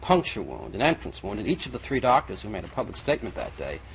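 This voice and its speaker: A man's voice: fairly low pitch, huge pitch swings, fast, vocal fry. A man arguing as a guest in a televised debate, insistent and methodical, in an old TV recording. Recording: faint noisy old TV recording.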